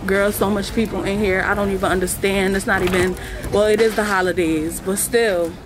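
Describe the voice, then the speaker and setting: A woman's voice: medium pitch, steady tone, a little fast. A young woman vlogging to a handheld camera, chatting casually and slangily to her viewers while walking through a busy store. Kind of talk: casual vlog chat to camera. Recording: noisy store with crowd chatter. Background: store crowd noise.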